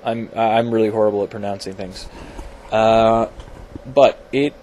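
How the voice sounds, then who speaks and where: A man's voice: fairly low pitch, fairly even intonation, measured pace, darkish tone, slight background noise. A man talking casually in a science vlog from his home computer, rambling and self-deprecating, with many fillers and restarts. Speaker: video blogger.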